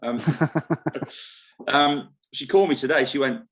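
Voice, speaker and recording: This man's voice is a little high with a fairly bright tone. As a holiday park show host, he chats on a casual live stream from the club foyer, meandering as he talks and laughing easily.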